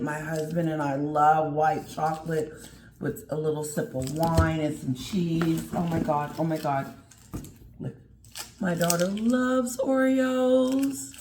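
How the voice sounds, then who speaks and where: Woman vlogger, middle-aged, effusive unboxing chat, lowish voice, faint hiss in the room. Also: roomy sound. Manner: gushing and effusive, exclaiming often. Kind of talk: excited unboxing chat to camera.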